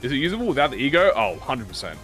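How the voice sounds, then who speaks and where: A man giving casual gameplay commentary, playful and excitable, swearing freely and talking back at the game. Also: mid-range voice, rapid-fire, soft background music. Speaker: gaming channel host.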